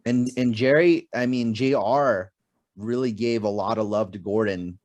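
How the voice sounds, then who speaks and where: A man co-hosting a casual wrestling podcast, animated and often laughing as he tells stories. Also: on the low side, unhurried. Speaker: podcast co-host.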